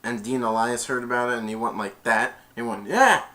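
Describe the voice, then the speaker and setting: A young man recapping a film scene by scene in a loose, rambling way. He links every event with "and then" and keeps going. His voice sits at an ordinary middle pitch. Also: flat delivery, fairly quick, bright, forceful tone. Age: young adult. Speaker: movie reviewer. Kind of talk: casual movie retelling.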